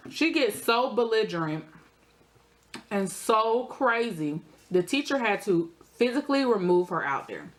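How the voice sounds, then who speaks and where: A young adult woman, telling a story in a casual, animated way while eating, her voice jumping high for emphasis. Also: measured pace, a little hiss or hum. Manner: animated, expressive storytelling with sudden high jumps in pitch. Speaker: vlogger.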